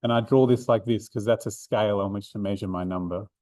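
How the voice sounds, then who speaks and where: A man's voice: fairly low pitch, steady tone, fast, a little mellow, dry recording. A man, a maths learning centre coordinator, explains a revision seminar step by step with fillers and restarts. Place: room, drawing notes for an overhead camera.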